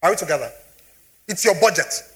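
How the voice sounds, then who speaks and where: A middle-aged Nigerian man speaks to a live audience about money in an animated, questioning way. His voice sits a little higher than most men's and swings up and down as he checks that listeners are with him. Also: brisk. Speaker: speaker on personal finance. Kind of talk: motivational talk to an audience.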